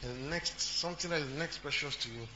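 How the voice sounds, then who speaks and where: Male pastor, sermon, chatty and repetitive; higher voice, dull humming recording. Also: fairly quick, over music. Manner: repetitive, talks to the congregation, jokes and asks questions. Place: church.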